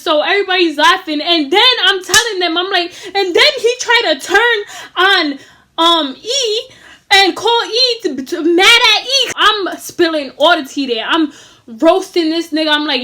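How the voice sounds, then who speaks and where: A woman vlogger tells a story straight to the camera in loose, slangy talk full of swearing. Her voice sits high and has a bright, sharp edge that carries her animated delivery. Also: a little slow. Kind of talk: casual storytime vlog.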